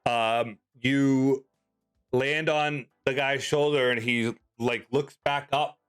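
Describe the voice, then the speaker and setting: A man running a tabletop game as game master, narrating in a loose, halting way with many fillers. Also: mid-range voice, steady tone, a bit bright, clear, resonant tone, faint music behind.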